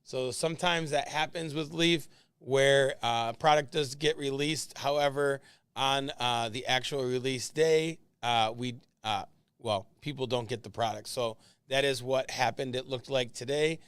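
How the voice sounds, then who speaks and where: A man's voice: medium pitch, a little slow, a bit bright, clear, resonant tone, no room sound, clean studio sound. A man hosting a late-night sports card break livestream, chatting casually with viewers by name while opening boxes, laughing easily. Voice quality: calls his own voice whiny.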